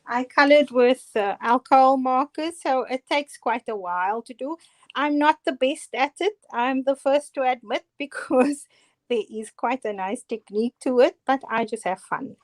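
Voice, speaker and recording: A woman's voice: sits high, normal speed. Chatty Cape Town woman demonstrating crafts. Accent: South African, Cape Town. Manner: chatty, self-deprecating, laughs often. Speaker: guest crafter demonstrating cards. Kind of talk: casual live craft demonstration.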